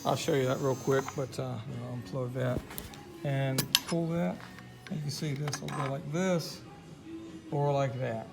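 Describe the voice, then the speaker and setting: A man showing off his homemade workshop build in a casual, folksy, excitable way, chatting to his dog as he films on a handheld camera. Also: mid-range voice, a little slow, vocal fry, loud music behind the voice, poor audio. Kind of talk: casual workshop demo vlog. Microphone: handheld camera mic.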